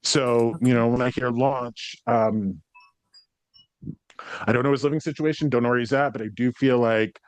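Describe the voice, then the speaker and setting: A man's voice: medium pitch, fairly even intonation, moderate pace, no echo. Rambling man giving a psychic reading. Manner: rambling, hesitant, frequent ums and likes, swears when relaying spirits. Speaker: psychic medium. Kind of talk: spirit reading to a sitter.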